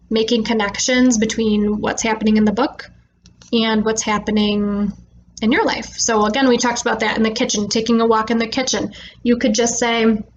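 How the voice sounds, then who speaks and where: Woman coaching parents, relaxed and clear. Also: fairly high pitch, dull audio, a little hiss or hum. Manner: relaxed explaining with frequent "um" fillers; slows and stresses words when modeling for children. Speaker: speech therapist. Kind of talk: instructional talk to parents.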